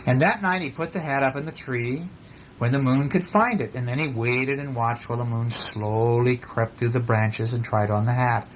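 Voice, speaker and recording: A father reading a bedtime picture book aloud to his child, gentle, stopping to ask questions as he goes. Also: mid-range voice, normal speed, a little hiss or hum, rough recording.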